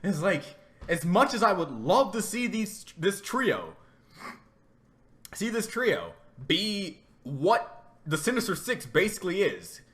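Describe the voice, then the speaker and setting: A man giving a rambling, animated reaction commentary, laughing often and repeating himself as he talks. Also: high-pitched, takes it slowly. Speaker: reaction video host.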